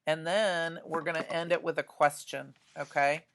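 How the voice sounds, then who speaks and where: A woman's voice: low voice, steady tone, moderate pace. A woman art teacher talks students through a drawing demonstration, chatty and often checking in with "right?".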